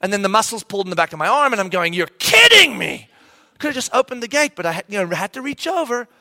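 A man's voice: high voice, racing, no room sound, clean studio sound. A man in his thirties preaching a sermon, telling a funny family story and acting out his kids' voices. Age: 30s. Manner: animated, acts out voices of his kids. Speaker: pastor.

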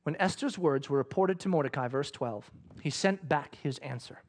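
A man preaching a sermon, reading scripture and retelling it in an animated, humorous storytelling manner. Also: fairly high pitch, moderate pace, husky.

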